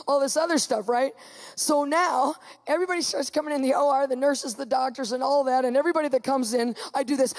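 A woman preaching, telling her own story to a congregation with lively, acted-out quotes. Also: high voice, fast, long reverb tail. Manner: animated storytelling, acting out quotes. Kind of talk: testimony sermon to a live audience.

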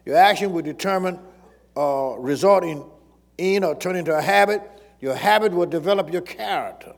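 At normal speed and with some vocal fry, a high-pitched male pastor gives his sermon in a large hall. His style leans on repetition, and he puts questions directly to the people listening.

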